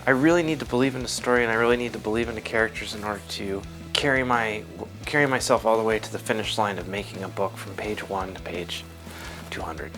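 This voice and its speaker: A man's voice: fairly low pitch, fast talker, music in the background. A man in his thirties who writes and draws comics, answering interview questions in a rambling, self-deprecating way with many fillers, recorded in his home studio. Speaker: comic book writer and artist.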